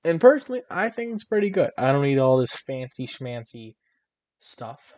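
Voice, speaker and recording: A man's voice: medium pitch, big pitch swings, moderate pace, a little mellow, no room sound. Rambling young man, dry close sound. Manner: rambling storyteller with many restarts and fillers. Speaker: podcast co-host. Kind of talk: casual chat.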